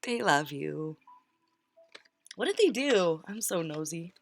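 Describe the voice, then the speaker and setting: A woman giving a casual tarot reading, chatty and quick to laugh, often breaking off and restarting her words. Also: on the low side, sing-song, creaky, slight background noise. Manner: chatty, laughs easily, breaks off mid-word. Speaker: tarot reader.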